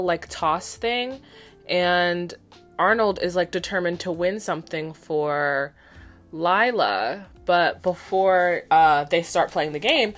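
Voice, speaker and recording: A young woman vlogger, chatty and slangy, who laughs often as she recaps a cartoon while doing her makeup. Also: lowish voice. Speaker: beauty vlogger.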